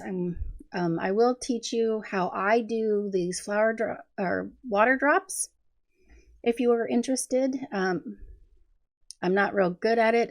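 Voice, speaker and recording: A woman hosting a casual coloring video, chatty with frequent ums, her voice hoarse from allergies. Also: mid-range voice. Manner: chatty, many ums, giggles often. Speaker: coloring channel host.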